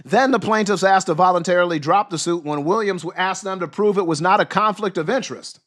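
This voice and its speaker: Male streamer, a touch high-pitched, shouting with passion and wearing out his voice while he reads and reacts. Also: brisk. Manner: loud, fired-up, profane, shouts with passion. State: losing his voice. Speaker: livestream host. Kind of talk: livestream commentary and news reading.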